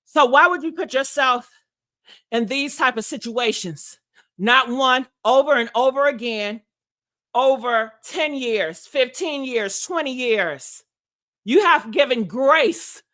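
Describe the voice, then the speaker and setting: A woman's voice: high voice, takes it slowly, sharp tone. Sassy, profane woman gossip host. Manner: sassy, brash and profane, calls viewers honey and baby. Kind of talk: casual gossip livestream commentary.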